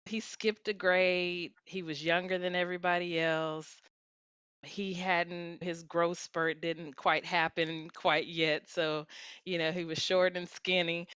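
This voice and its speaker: Slow-talking woman with a light Texan twang. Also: fairly low pitch, flat delivery, fairly bright tone, clear, resonant tone, no echo, highs cut off. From Houston, Texas. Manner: reflective, chatty, frequent "you know" and "like". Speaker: interview guest, researcher. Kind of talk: casual interview storytelling.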